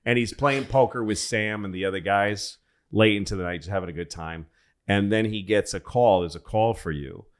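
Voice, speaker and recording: A comedian telling a rambling, profane history story on a casual podcast, with frequent restarts and asides. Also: male voice, fairly low pitch, normal speed, a little hiss or hum. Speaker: comedian guest.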